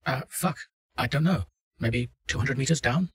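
An actor playing a frightened male test subject in an audio drama, husky and prone to swearing. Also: medium pitch, normal speed, natural voice. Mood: uneasy. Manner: swearing, panicky.

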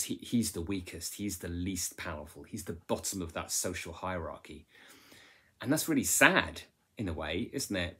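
A man's voice: deep voice, slightly rough. A man teaching a literature lesson in a conversational way, often checking in with rhetorical tag questions. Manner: restarts and fillers while explaining. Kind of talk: recorded lesson on a novel.

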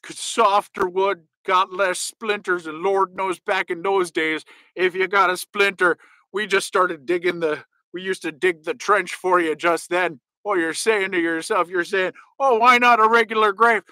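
A man's voice: high-pitched, flat delivery, measured pace, pushed and bright, dry recording. A man hosting and answering comments in a rambling, jokey casual chat. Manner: rambling, jokey, goes off on tangents.

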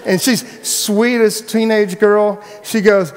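A man, the pastor, preaching a sermon and telling a personal story in a relaxed, chatty way with frequent restarts. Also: sits high, slow pace, big-room sound, a faint crowd. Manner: casual storytelling, many restarts.

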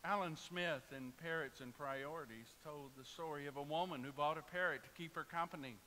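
In a church sanctuary, a pastor preaches with humorous stories, joking and making asides to his congregation. His slightly high voice moves fairly quickly and sounds pushed and bright. The hall is reverberant, with a faint hiss.

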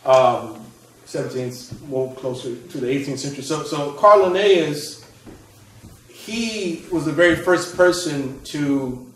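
A man lectures as a scholar explaining his work, his voice sitting on the higher side. He often restarts phrases and checks in with a rhetorical "right?". The sound is roomy and echoing, picked up from some distance. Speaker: author and Islamic scholar. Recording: echoey room, mic at a distance.

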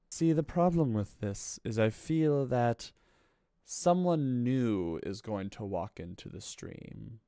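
A man streaming games who yells, yelps and swears at what happens on screen. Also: mid-range voice, expressive, slow, dry recording, studio quality. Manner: loud yelps, screams and swearing at the game. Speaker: VTuber streamer. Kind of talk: gaming stream commentary.

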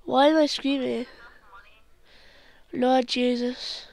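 A woman's voice: sits high, fairly even intonation, takes it slowly, creaky, darkish tone. A woman doing jokey gameplay commentary, often bursting into screams and exclamations. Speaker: gaming channel host.

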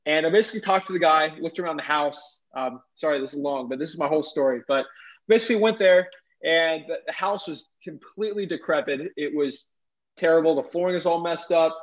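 A young man telling a lively story as an interview guest, with lots of "like" fillers and restarts. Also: a little high, a little fast. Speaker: guest real estate wholesaler. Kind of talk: casual storytelling. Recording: dull lo-fi audio.

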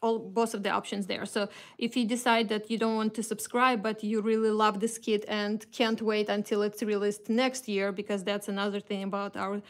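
A woman's voice: mid-range voice, little pitch movement, moderate pace. Chatty woman with a Russian accent. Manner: chatty, many fillers and restarts. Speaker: craft company host. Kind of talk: casual product showcase.

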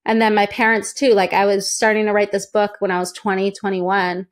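A young woman from the United States, a guest telling her own story in a chatty, lively way and acting out quoted voices. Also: medium pitch, fairly quick. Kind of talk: casual interview storytelling.

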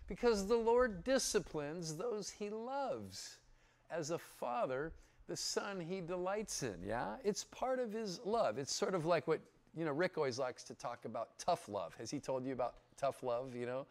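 A man's voice: on the high side, lively intonation, moderate pace. A man teaching the Bible in a casual, conversational sermon, often checking in with his listeners. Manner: chatty, keeps checking in with "yeah?". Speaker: pastor.

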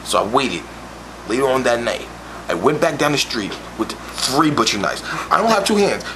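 A man's voice: mid-range voice, big pitch swings, moderate pace. A man delivering a crude comedic monologue in boastful, swaggering street talk, over a noisy amateur recording. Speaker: comedic storyteller.

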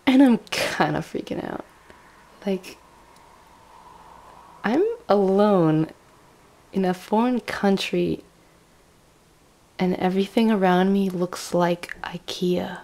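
Young woman vlogger, low mellow voice with vocal fry, chatty and rambling, laughs through her travel stories. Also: slow. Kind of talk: casual travel storytelling. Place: indoors in Austria.

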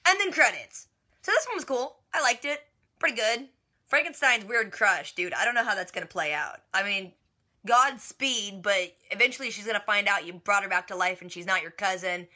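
A woman's voice: medium pitch, lively intonation, normal speed, sharp tone. A young woman casually recapping a TV episode, slangy and chatty, with "like" sprinkled everywhere. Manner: chatty, slangy, filler "like" throughout. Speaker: TV reaction vlogger.

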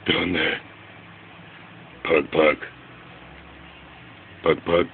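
Deep-voiced man laughing over his dogs. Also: extremely slow, gravelly, narrow, tinny audio, slight background noise. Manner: excited, laughing, profane running commentary; quieter and lower toward the end. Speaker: dog owner filming his pets. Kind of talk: casual home video commentary. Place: room in a home with a bed. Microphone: handheld camera.

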